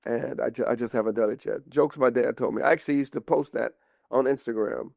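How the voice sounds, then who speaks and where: A man's voice: medium pitch, steady tone, a little fast, creaky, darkish tone, no room sound, studio quality. A comedian guest chatting casually and animatedly, acting out voices as he tells stories. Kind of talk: casual storytelling chat.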